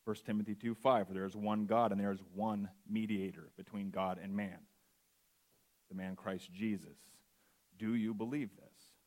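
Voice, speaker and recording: Earnest low-voiced guest preacher, man. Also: steady tone, darkish tone. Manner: earnest, reads scripture then slows into a personal testimony. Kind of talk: sermon.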